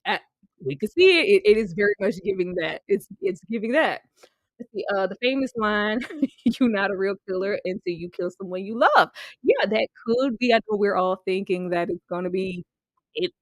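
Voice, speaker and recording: A woman's voice: mid-range voice, no room sound. A woman reviewing a TV series in a casual chat, playful and teasing, laughing often and apologizing between remarks.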